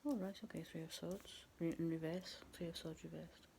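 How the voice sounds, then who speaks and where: A woman's voice: sits low, fairly even intonation, brisk, vocal fry, heavy background noise. A woman doing a casual tarot reading to camera, chatty and rambling. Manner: chatty and rambling, laughs at herself. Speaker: tarot reader.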